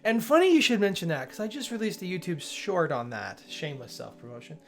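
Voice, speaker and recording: A man's voice: sits high, very animated, a little fast, creaky, faint music behind. A man hosting a casual livestream, reading changelog items aloud, greeting chat viewers and rambling with frequent self-corrections. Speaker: livestream host reviewing software updates.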